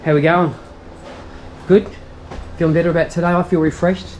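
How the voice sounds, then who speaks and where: A man's voice: on the high side, level tone, brisk, darkish tone, a little hiss or hum. An Australian man vlogging a motorbike road trip, teasing his companion with cheeky questions.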